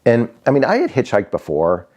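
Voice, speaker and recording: A man's voice: medium pitch, wildly swooping pitch, a little fast, darkish tone. A man in his sixties from Connecticut, telling stories casually with many fillers and restarts. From Connecticut, USA. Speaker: vlogger. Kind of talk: casual storytelling.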